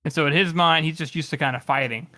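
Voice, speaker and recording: A man co-hosting a book podcast, talking in a relaxed, chatty way. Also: on the high side, fast, no room sound. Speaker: podcast co-host. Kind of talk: casual book discussion.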